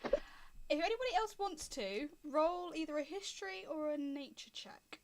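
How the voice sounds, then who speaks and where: A woman narrating as the game master of a tabletop game, relaxed and chatty, with frequent fillers. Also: high-pitched, normal speed.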